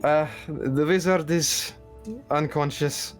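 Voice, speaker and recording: A man's voice: on the high side, fairly even intonation, slow, soft background music. A man acting as game master, narrating the party's actions and ruling on rolls, with frequent laughter. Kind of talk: running a tabletop game.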